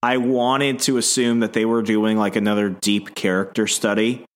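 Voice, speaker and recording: A man co-hosting a casual podcast, halting and repeating words, self-mocking. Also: on the low side, level tone. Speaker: podcast co-host. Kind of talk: casual chat.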